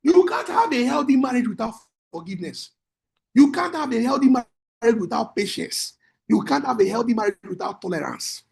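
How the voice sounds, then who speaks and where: Marriage coach guy preaching, real high voice, gravelly edge, keeps shouting for emphasis. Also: very animated, normal speed. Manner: emphatic, repetitive, bursts into shouting. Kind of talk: preaching-style marriage teaching.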